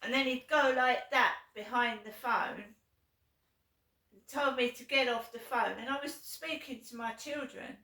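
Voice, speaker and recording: A woman's voice: sits high, steady tone, measured pace, sharp tone. A woman vlogging, telling a long aggrieved story in a rambling way and checking in with "right?". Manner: rambling aggrieved retelling, keeps asking "right?". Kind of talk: casual storytelling. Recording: roomy echo.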